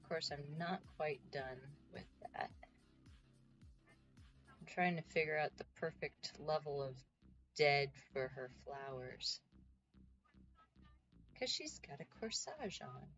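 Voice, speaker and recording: A woman's voice: sits low, animated, slow, long pauses, fairly bright tone, highs cut off, soft background music. A woman chatting casually on a livestream while she paints, giggly and self-mocking. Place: home.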